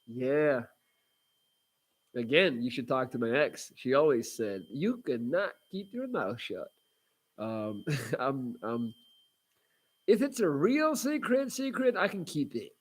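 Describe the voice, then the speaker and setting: Casual male streamer, middle pitch, rambling and blunt, lots of fillers. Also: big pitch swings, slow pace, pauses often. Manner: rambling, frequent fillers and restarts, blunt and cursing. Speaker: livestream host reading viewer comments. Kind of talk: casual livestream chat.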